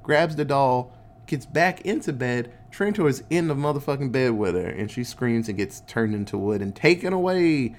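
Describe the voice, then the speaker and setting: A man's voice: mid-range voice, animated, moderate pace. A man casually recapping a movie, laid-back and swearing a lot, acting out the characters' lines in goofy voices. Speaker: podcast host recapping a movie.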